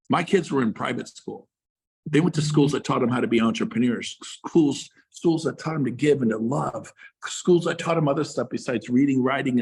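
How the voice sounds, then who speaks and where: A middle-aged man with a husky, slightly breathy voice at an ordinary male pitch delivers a fired-up motivational talk to fellow realtors. He hammers his points with repeated phrases, and his voice leaps higher and louder whenever he pushes hardest. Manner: passionate, emphatic, repeats phrases, big swings in pitch and loudness.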